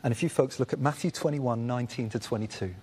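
A man teaching a Bible study group in a lively way, acting out the voices of people in the story. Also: medium pitch, quick pace, slight background noise.

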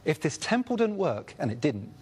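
Husky-voiced man teaching a Bible study. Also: fairly high pitch, moderate pace. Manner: animated, acts out the voices of people in the story.

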